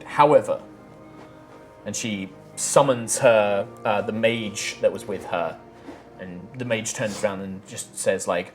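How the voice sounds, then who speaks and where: A man's voice: lowish voice, slow pace, faint music behind. A man narrating a tabletop game as game master, describing scenes with fillers and restarts.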